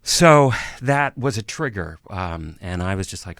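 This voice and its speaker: A man around fifty, a guest in an interview, telling a personal story in a halting way, with pauses and restarts, and audibly emotional. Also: low voice, lively intonation, vocal fry, fairly bright tone, dry recording, clean studio sound. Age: about 50.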